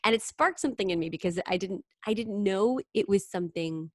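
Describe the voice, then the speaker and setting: An actress and impressionist talking about her craft in a casual interview, animated and quick to slip into voices. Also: mid-range voice, no echo, studio quality. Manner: animated, slips into sung impressions.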